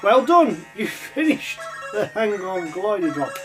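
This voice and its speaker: A man with a high voice chats his way through old computer games, scoring and commenting as he plays. He rambles with plenty of ums and uhs. Faint game music sits behind him. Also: sing-song, unhurried. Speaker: retro game reviewer. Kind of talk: casual gameplay commentary.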